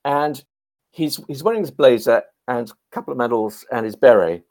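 A man telling lively anecdotes in a podcast interview, a former army clergyman. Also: mid-range voice, normal speed. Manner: animated, anecdotal.

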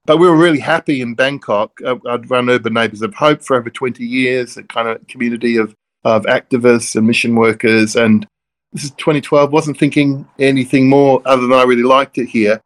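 A middle-aged man from Melbourne, a minister, telling stories in a relaxed conversational way that wanders off on tangents with self-deprecating jokes. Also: medium pitch, brisk. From Melbourne, Australia. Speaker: interview guest, Church of Christ minister.

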